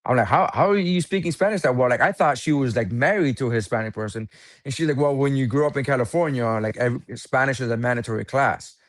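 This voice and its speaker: A man's voice: medium pitch, fast talker, dry recording. Blunt matter-of-fact man, dry mic. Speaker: podcast co-host. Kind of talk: casual chat.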